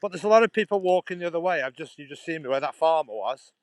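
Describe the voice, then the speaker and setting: A man's voice: fairly high pitch, animated, quick pace, no echo, poor audio. Middle aged potteries guy, drops his h's, rambling live stream chat on his phone outdoors, dry close sound. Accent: Stoke-on-Trent Potteries, dropped H's. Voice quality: chatty, laughing, restarting phrases. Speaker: vlogger live-streaming a walk. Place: outdoors on a muddy canal-side path. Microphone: phone held while walking.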